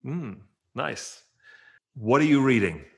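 A middle-aged man with a British accent, hosting an interview and telling stories in a relaxed way. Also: mid-range voice, takes it slowly, vocal fry. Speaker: podcast host. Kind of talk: conversational interview.

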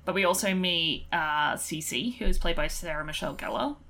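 A woman's voice: fairly low pitch, moderate pace, a crowd in the background. A woman co-hosting a podcast, chatting enthusiastically about films and laughing often. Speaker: podcast co-host. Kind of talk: casual film discussion.

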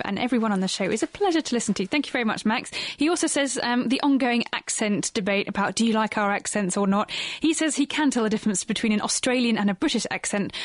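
A woman co-hosting a radio science show, reading emails and introducing guests in a bright, friendly way. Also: on the high side, no room sound. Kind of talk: casual radio presenting. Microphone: studio microphone.

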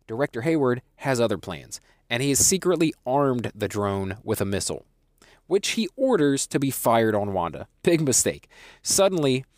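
Male podcast host, chatty recap delivery with restarts, slightly low pitch, dead-dry recording. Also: no echo. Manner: chatty, with frequent restarts and asides. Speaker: podcast host reviewing a TV episode. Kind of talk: casual episode recap.

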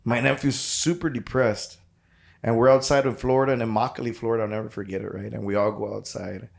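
A man, a touring musician who is a guest on a podcast, telling road stories in casual chat with halting restarts. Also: medium pitch, steady tone, creaky. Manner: halting, repeats words while telling stories.

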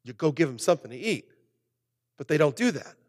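A man preaching a sermon as pastor, animated, swinging between loud emphasis and soft, low asides. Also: brisk, long reverb tail.

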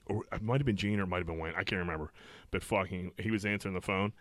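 A man's voice: deep voice, fairly even intonation, racing, fairly bright tone, dry recording. A man, co-hosting a podcast and telling rambling, profane stories in casual chat. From Pittsburgh, USA. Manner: swears constantly, rambling storytelling with laughs. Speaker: podcast co-host.

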